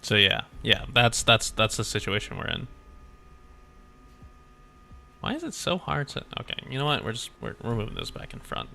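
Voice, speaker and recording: A man's voice: mid-range voice, big pitch swings, a little fast, gravelly, bright, forceful tone, slight background noise. A young man streaming as a VTuber, chatting casually and rambling while he keeps interrupting himself. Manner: rambling, self-interrupting, easily distracted. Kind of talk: casual livestream chat while reading a game story.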